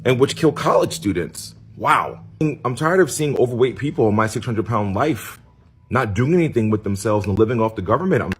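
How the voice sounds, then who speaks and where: A man's voice: medium pitch, animated, fairly quick. A man in a played clip, complaining in an indignant, emphatic monologue.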